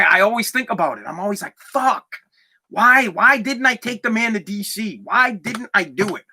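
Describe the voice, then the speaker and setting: Bright, high-voiced man near tears. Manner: candid, rambling, heavy swearing. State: close to tears. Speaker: podcast host. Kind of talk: emotional personal story.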